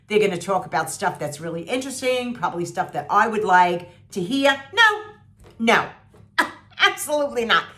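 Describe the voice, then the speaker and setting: A woman in her sixties venting to her viewers about a TV show, blunt, sarcastic and salty, mimicking people and jumping up in disbelief. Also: fairly bright tone. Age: 60s. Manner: blunt and salty, mocking voices, swings pitch up in disbelief. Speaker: vlogger reviewing a TV show. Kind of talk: animated, sarcastic rant to camera.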